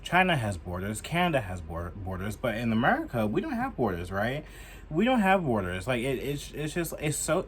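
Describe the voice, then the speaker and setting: A young man giving heated, profane political commentary in a casual vlog, filling his talk with "like" and getting loud as he goes. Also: a little hiss or hum. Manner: heated and profane, heavy use of "like"; animated, jumping in pitch and loudness.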